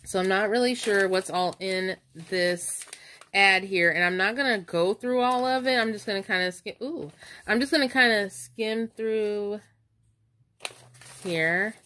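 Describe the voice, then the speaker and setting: A woman chatting excitedly in a casual vlog, stuttering now and then as she leafs through coupon inserts. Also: mid-range voice, a little slow, a little hiss or hum. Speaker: couponing vlogger. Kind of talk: casual show-and-tell vlog.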